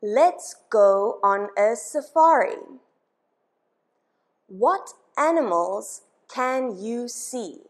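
Very slow woman teacher. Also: on the high side, expressive. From South Africa. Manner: patient, asks questions and has listeners repeat words. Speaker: English teacher. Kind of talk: slow children's English lesson.

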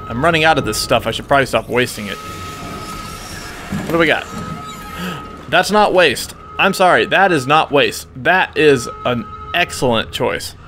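A man's voice: mid-range voice, animated, measured pace, pauses often. A man giving joking let's play commentary, talking to himself as he plays and jumping at scares. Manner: talks to himself, jumpy and joking. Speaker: gaming channel host. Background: game music.

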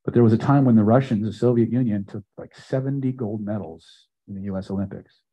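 An older man teaching a live self-help seminar, speaking emphatically and building phrases up loud before dropping to a hush. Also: lowish voice, a little fast, slightly rough, poor audio. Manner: emphatic, builds repeated phrases to loud peaks then drops quiet. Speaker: hypnosis and self-help trainer. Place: seminar room with audience.

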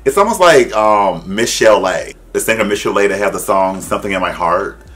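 A man giving casual reaction commentary, animated and exclaiming, mimicking voices as he talks. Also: lowish voice, a little fast. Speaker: drag reaction vlogger.

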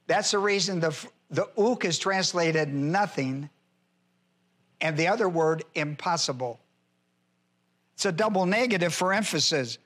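A male pastor delivering an expository sermon in a slow, deliberate way. His voice sits high for a man, and he circles back to repeat key phrases for emphasis. He often stops to spell out Greek words letter by letter. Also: fairly bright tone. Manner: addresses listeners directly, informal grammar. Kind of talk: expository Bible teaching.

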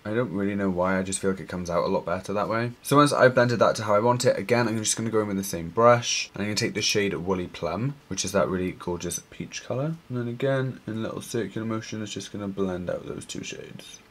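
A man's voice: lowish voice, fast, few pauses. A young Welsh man with a Welsh accent, casually talking through eyeshadow shades and a makeup tutorial, chatty and gushing with lots of fillers. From Wales. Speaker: makeup artist.

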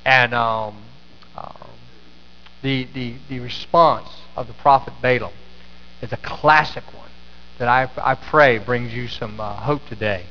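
Middle-aged pastor preaching in an echoey church. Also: male voice, medium pitch, unhurried, sharp tone. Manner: storytelling, with frequent restarts and fillers. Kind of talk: sermon. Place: church sanctuary. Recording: echoey sanctuary, slightly dull sound.

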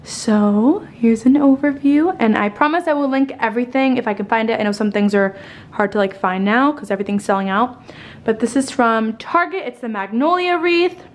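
Speaking a little high and briskly, a young woman chats her way through a home vlog indoors. Her talk is loose and rambling, peppered with casual curses, and she comes across as worn out and a bit breathless.

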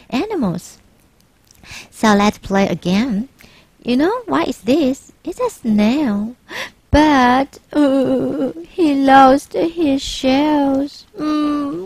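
A woman's voice: high voice, dry recording. A young woman with a Taiwanese accent, an English teacher reading a picture book aloud to children with gasps and dramatic exclamations.

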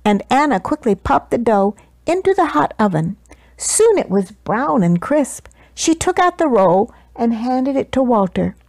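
A woman reading a children's picture book aloud with expressive storytelling. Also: fairly high pitch, unhurried, no room sound.

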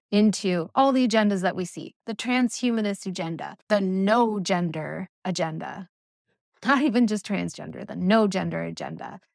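Gravelly-voiced woman hosting a spiritual podcast. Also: medium pitch, dry recording, clean studio sound. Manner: earnest, rambling, with many "you know" and "like" fillers. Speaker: podcast host. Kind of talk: spiritual solo podcast talk.

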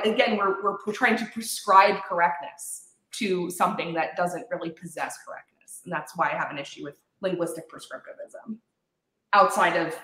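A woman's voice: lowish voice, a bit bright. A woman guest, a speech-language pathologist, explaining language at length in a casual chat with some fillers. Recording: roomy echo.

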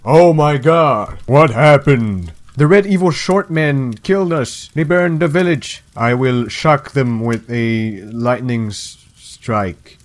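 A man's voice: mid-range voice, slow pace, few pauses. A young man hosting a gaming video, giving playful, jokey commentary and narrating the game as a mock story. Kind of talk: casual let's-play commentary.

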